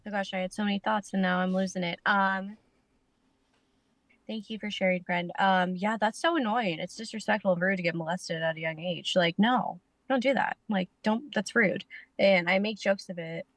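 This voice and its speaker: A woman's voice: medium pitch, moderate pace, no echo. A woman sharing at a recovery meeting from her parked car over a video call, rambling and self-deprecating with jokes. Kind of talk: casual recovery meeting share.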